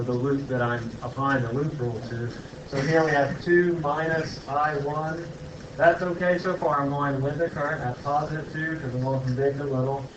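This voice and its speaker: A man lecturing a physics class in a relaxed, joking way, thinking aloud with fillers as he works through problems. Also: mid-range voice, highs cut off, slight background noise.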